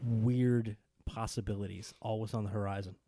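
A man co-hosting a podcast, chatting casually and enthusiastically about wrestling, rambling and getting animated. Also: on the low side, moderate pace, dry recording, studio quality. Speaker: podcast co-host.

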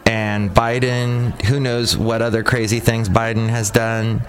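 Speaking unhurriedly with few pauses, a man with a lowish voice and little pitch movement hosts a casual solo podcast. Recording outdoors by a cafe, he rambles with sarcasm and frequently starts sentences over.

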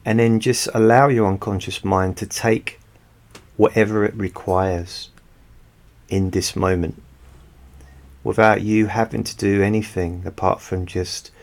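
A hypnotist speaking softly and unhurriedly to his listeners from home, rambling a little as he talks. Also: on the low side, fairly even intonation, a little slow, vocal fry. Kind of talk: soft-spoken talk to listeners. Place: home, quiet room. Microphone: studio microphone.

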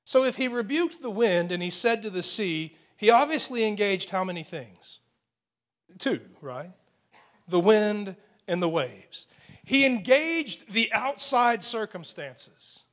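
A man's voice: high-pitched, animated, measured pace, fairly bright tone. A middle-aged man preaching a sermon, building intensity and asking rhetorical questions. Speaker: pastor.

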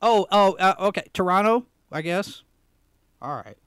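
In an unhurried, high voice with lively intonation and a fairly bright, clean tone, a man hosts a live podcast show on a dry recording. He chats casually about the news, wandering, restating phrases for emphasis, and using lots of fillers.

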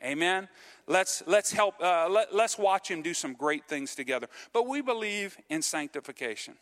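High, bright-voiced preacher. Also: male voice, expressive, normal speed. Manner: earnest, repeats "okay?" and calls for amens. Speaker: pastor. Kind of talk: sermon. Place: church sanctuary. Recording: long reverb of a church hall.

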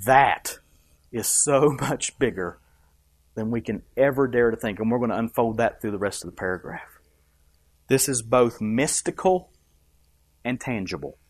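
A man's voice: medium pitch, animated, unhurried, long pauses, slightly rough, no echo. Emphatic preaching man, dry sound. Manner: emphatic preaching, rising and dropping for effect; asks the congregation questions. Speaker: pastor. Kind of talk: sermon.

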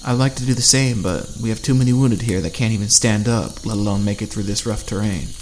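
A man voicing a calm, fair-minded man leading a group of survivors, speaking in a reasoned way. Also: on the low side, fairly quick, slight background noise, natural voice.

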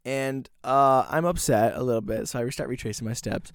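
A man's voice: mid-range voice, a little fast, no room sound. A young man with a Southern American twang, telling a rambling story on a casual podcast. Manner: rambling storyteller, many ums and restarts. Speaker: podcast co-host. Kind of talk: casual chat.

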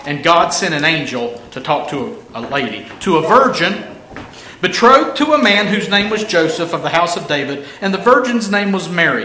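Bright-voiced man preaching in an echoey room. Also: a little high, expressive, a little hiss or hum. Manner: emphatic, stretches key phrases slowly. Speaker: pastor. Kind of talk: expository sermon. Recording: echoey room with faint ambience.

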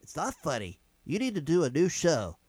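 A man's voice: fairly high pitch, huge pitch swings, moderate pace, a little mellow, no room sound. Sarcastic man heckling from the studio. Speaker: studio co-worker. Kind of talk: casual heckling banter.

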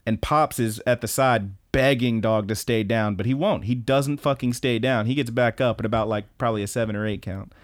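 A young man co-hosting a podcast, recapping an anime fight in a casual, animated play-by-play full of swearing. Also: medium pitch, brisk, hardly any pauses. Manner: animated, profane play-by-play storytelling. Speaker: podcast co-host.

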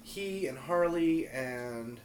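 A man's voice: medium pitch, lively intonation, slow, slight background noise. Blunt swearing man from New Orleans. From US South, New Orleans. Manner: blunt, profane ranting. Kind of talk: casual chat. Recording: roomy echo.

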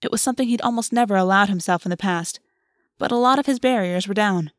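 A woman narrating a novel in an even, measured audiobook reading. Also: medium pitch, no echo, clean studio sound. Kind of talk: scripted narration.

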